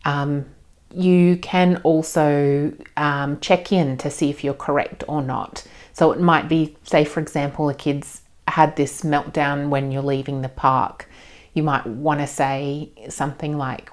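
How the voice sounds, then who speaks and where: A woman giving parenting advice as a psychologist and parent, speaking in a calm, gentle, explanatory way with frequent ums. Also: sits low, measured pace.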